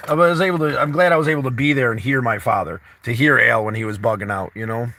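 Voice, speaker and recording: Rambling, bright-voiced man chatting casually. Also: medium pitch, fairly even intonation, fast talker. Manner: rambling and candid, full of "you know" and swearing. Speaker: vlog host chatting with friends. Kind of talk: casual chat. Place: inside a camper van over coffee.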